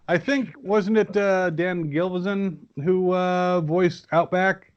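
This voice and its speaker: A man's voice: sits high, steady tone, extremely slow, long pauses, dull audio. A man chatting casually as a guest on a podcast, rambling with many fillers and restarts. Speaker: guest toy reviewer.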